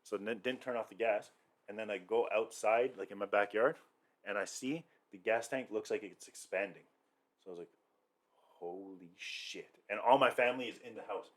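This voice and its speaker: A man's voice: on the low side, fairly even intonation. A Canadian man telling stories in a casual podcast chat, rambling loosely with lots of "like". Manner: laid-back, quick rambling with lots of "like". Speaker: podcast co-host.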